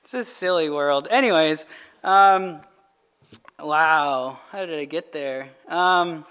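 Conversational pastor preaching a sermon. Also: male voice, on the high side, slow, fairly bright tone, clean tone. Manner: conversational, keeps asking "right?"; jokey asides to the congregation.

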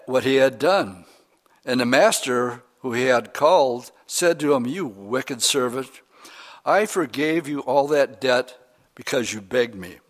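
Male pastor, mid-pitched voice, folksy sermon with dry asides. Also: a bit bright. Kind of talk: sermon, reading and explaining scripture.

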